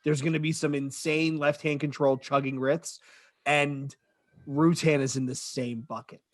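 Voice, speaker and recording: A man's voice: on the high side, flat delivery, unhurried, no echo. A man hosting a podcast in casual chat, talking loosely and steering the talk with questions. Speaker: podcast host.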